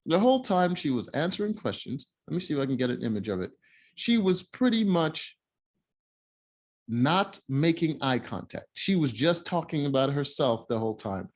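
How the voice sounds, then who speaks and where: A man's voice: fairly high pitch, sing-song, moderate pace. A man giving casual, opinionated commentary while reviewing a reality show, blunt and mocking.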